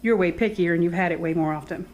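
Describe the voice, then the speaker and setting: A woman's voice: fairly low pitch, fast, a little mellow. A woman vlogger chatting cheerfully and casually at home. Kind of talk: casual chat. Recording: roomy with faint noise.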